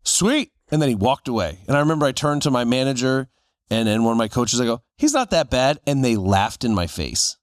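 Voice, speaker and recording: A man's voice: medium pitch, expressive, a little fast, no room sound, studio quality. A man in his forties, a podcast co-host, telling stories casually and acting out the voices of people he quotes. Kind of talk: casual storytelling chat.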